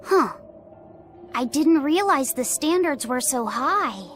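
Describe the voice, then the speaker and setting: Woman playing a gentle young boy. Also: sits high, lively intonation, slow, soft background music, full character voice. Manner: curious, soft-spoken. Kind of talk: video game voice acting.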